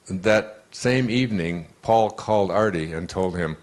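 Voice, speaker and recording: Older man, low voice, rambling storyteller. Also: moderate pace, few pauses. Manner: anecdotal, rambling storyteller with many restarts. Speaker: author and speaker. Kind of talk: motivational talk to a live audience.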